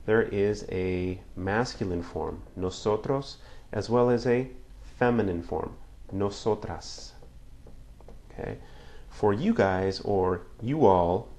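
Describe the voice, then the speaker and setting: A man with an American Midwest accent teaching a whiteboard grammar lesson, explaining slowly and checking in with "okay?" after each point. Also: on the low side, a little mellow. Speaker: Spanish teacher.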